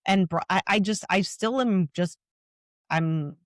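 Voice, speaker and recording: A woman co-hosting a podcast, gushing enthusiastically while tripping over her words and starting sentences again. Her voice sits at a middle pitch. The sound is close and dry. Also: no room sound. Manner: halting, many restarts, enthusiastic. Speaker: podcast co-host. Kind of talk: casual chat.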